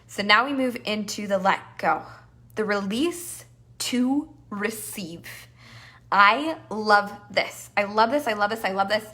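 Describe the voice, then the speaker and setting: A woman coaching on business gives a live masterclass at normal speed with a medium-pitched voice. Playful and animated, she acts out the voices inside people's heads.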